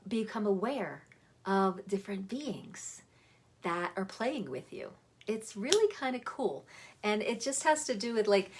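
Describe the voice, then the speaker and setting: Woman spiritual coach, soft casual delivery that drifts and stretches words, middling pitch. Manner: gentle, dreamy, many fillers and restarts. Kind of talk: casual teaching monologue.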